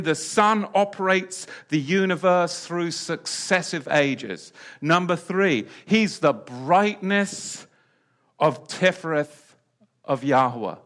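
A man preaching a sermon, repeating key phrases and swinging between loud declarations and quiet asides. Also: fairly high pitch, lively intonation, unhurried.

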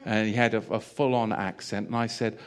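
A man preaching, telling a funny personal story with animated delivery and frequent laughter. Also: lowish voice, a little fast, clean tone. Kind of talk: sermon with humorous personal anecdote.

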